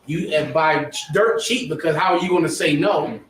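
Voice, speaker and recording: A man's voice: on the high side, moderate pace, a bit bright, slight background noise. A man teaching a history class, lecturing emphatically and quizzing his students. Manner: emphatic, preachy, asks the class questions. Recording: echoey room, mic far off.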